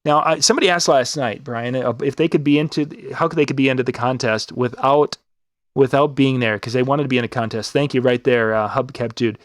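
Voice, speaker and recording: A man in the middle of his range chats on a live web show, rambling and restarting as he pitches a contest. His voice is close and dry, with no room around it. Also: brisk, dry recording. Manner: rambling, restarts and fillers, upbeat promo talk. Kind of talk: casual live-stream chat.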